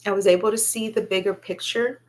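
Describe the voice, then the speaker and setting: A woman telling a personal story, halting and reflective, with many pauses and fillers. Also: medium pitch, fairly even intonation. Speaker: vlogger sharing her own story.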